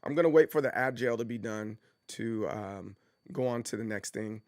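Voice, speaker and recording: A man chatting casually on his livestream, rambling with frequent restarts and jumping into high mock voices as he tells stories. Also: normal speed, no echo, clean studio sound. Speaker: streamer.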